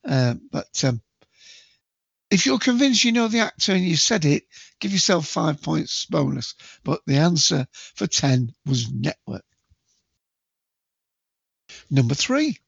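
A man hosting a casual movie quiz, chatty and jokey, with bursts of loud quote acting. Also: on the high side, sing-song, measured pace, creaky, pauses often, husky, dry recording. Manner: chatty, jokey, self-mocking, acts out movie quotes loudly. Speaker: quiz host. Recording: dull lo-fi dry home recording.

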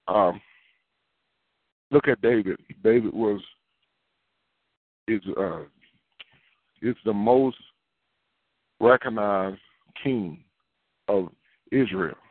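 A man's voice: lowish voice, no echo. A man preaching a sermon in a conversational, repetitive style with folksy asides. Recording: dry, phone-like narrow sound.

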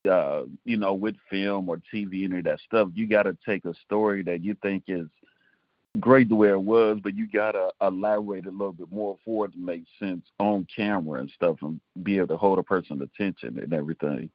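A man's voice: low voice, a little fast, no room sound, dull audio. A man guest telling rambling stories in a casual interview, full of fillers like "and stuff". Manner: rambling, storytelling with filler words. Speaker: filmmaker guest.

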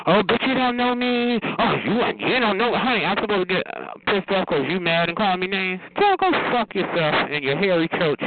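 A man trash-talking a caller on a phone chatline, sassy and taunting with a drawn-out delivery. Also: a little high. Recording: tinny phone line with noise.

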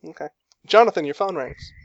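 A man's voice: fairly high pitch, a little fast, creaky, no room sound. Man running a tabletop game. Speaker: game master. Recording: dull dry lo-fi sound.

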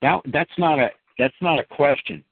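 A male talk show host with a fairly high, breathy voice and vocal fry speaks at a moderate pace. He comments emphatically, speaking directly to listeners and calling them folks, on a dry, phone-like recording.

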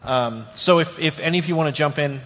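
A man's voice: a little high, a little fast, a bit bright. A man moderating a convention panel, posing questions thoughtfully with wry humor. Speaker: podcast host, panel moderator. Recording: long hall reverb, faint ambience.

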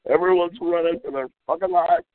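In a fairly high voice with a steady tone, a man talks fairly quickly as he hosts a call-in show, delivering a profane, mocking, angry monologue. The recording is dry and sounds tinny, like a telephone.

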